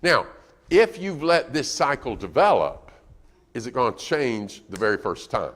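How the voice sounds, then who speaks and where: A man preaching a sermon in a church, animated and acting out scenes between a parent and child. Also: medium pitch, measured pace. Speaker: guest preacher. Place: church auditorium. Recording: long church hall reverb.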